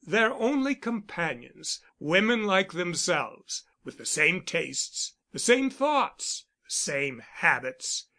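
A man's voice: sits high, very animated, slow, hardly any pauses, pushed and bright, exaggerated voice. A man reading the part of a persuasive, insistent suitor who speaks with urgent, coaxing force.

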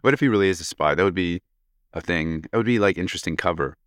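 A man with a deep voice co-hosts a casual podcast and reads a listener's letter aloud. He jokes and laughs his way through it. The sound is dry and close. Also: fast, a bit bright, clean tone, dry recording. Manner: playful, laughs often, jokes while reading. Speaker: podcast co-host.

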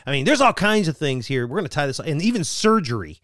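A man co-hosting a casual talk radio show, jumping into stories and movie quotes with bursts of excitement. His voice sits a bit high. The sound is dry and close. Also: fast talker, no room sound. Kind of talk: casual banter with co-host.

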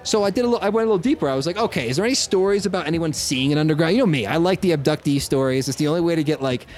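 Rambling, excitable male podcast host. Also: a little high, rapid-fire, a little hiss or hum. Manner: rambling, self-correcting, often laughing. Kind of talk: casual chat, telling a story to co-hosts.

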